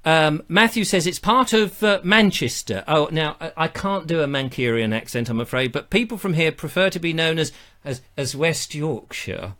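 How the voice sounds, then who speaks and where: A man's voice: fairly high pitch, animated, moderate pace, bright, forceful tone. A British man hosting a live stream from his back room at home, chatting with viewers in a rambling, jokey, self-mocking way. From Britain. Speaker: livestream host. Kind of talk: casual live chat to viewers. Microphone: laptop or webcam mic.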